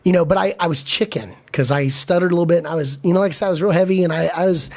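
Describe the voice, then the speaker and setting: Man, husky voice, fairly high pitch, animated storyteller, casual chat. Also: racing. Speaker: podcast guest.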